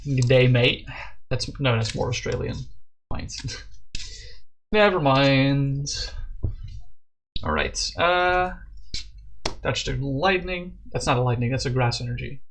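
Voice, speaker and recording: A man streaming a card game, chatting casually with his viewers, excitable and swearing freely. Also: medium pitch, a little slow, long pauses, slight background noise.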